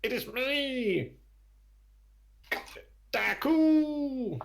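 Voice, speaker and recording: A man voicing an excitable kobold guide in a tabletop game, calling out in a high, squeaky voice. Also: extremely slow, gravelly, heavily acted. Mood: proclaiming.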